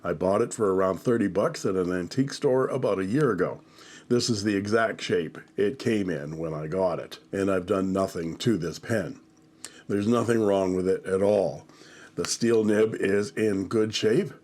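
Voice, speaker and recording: A man with a congested, nasal voice hosting a calm, detailed pen review. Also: deep voice, normal speed. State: nasal from illness. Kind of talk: scripted product review narration.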